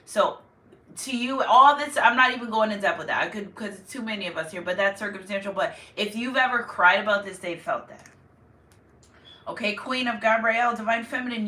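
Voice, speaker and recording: Woman tarot reader, bright and sharp, rambling and emotional, echoey room with a distant mic. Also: medium pitch. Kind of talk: casual tarot reading to viewers.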